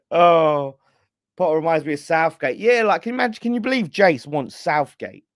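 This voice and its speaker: A man's voice: on the high side, sing-song, fast, hardly any pauses, no room sound, clean studio sound. A man hosting a casual fan live stream, ranting bluntly with swearing and laughter. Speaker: fan channel host.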